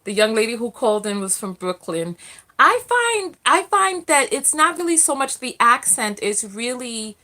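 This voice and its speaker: Lively, bright-voiced woman from the Bronx. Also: fairly high pitch, moderate pace. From the Bronx, New York. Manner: chatty, laughs often, reads viewer comments aloud. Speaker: live stream host. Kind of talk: casual live call-in chat.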